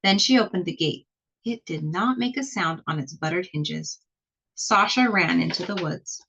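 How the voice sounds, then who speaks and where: A woman reading a children's picture book aloud in an expressive, slow storytelling manner. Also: lowish voice, creaky, breathy edge, dull audio. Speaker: storybook reader.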